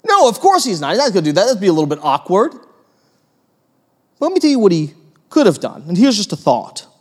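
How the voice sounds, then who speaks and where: A man preaching a sermon as pastor, animated, acting out quoted voices and putting questions to the congregation. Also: high-pitched, a little fast. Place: church hall with long reverb. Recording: long hall reverb.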